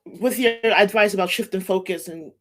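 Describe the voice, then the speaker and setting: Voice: medium pitch, moderate pace, fairly bright tone. The host of a casual interview chat, who laughs easily and keeps nodding along with short replies.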